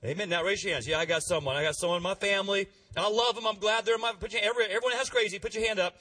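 Man, pastor, energetic sermon, high lively voice, bright, husky, distant church mic. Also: rapid-fire. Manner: energetic, calls on the congregation to respond.

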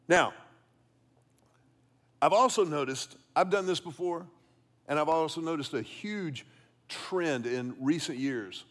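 A middle-aged man delivers a sermon with earnest conviction. His voice sits slightly high for a man, and he often doubles back on a word as he builds a point for the room. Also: slow, long pauses, fairly bright tone. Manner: earnest, repeats words when stressing a point. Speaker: pastor. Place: church hall with an audience.

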